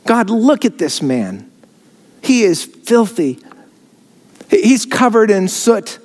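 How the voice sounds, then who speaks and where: A preacher voicing an accusing devil. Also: male voice, sits high, very animated, slow pace, a little mellow, voice pushed up, full character voice. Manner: accusing, rising. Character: accusing male devil, sneering prosecutor. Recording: long hall reverb.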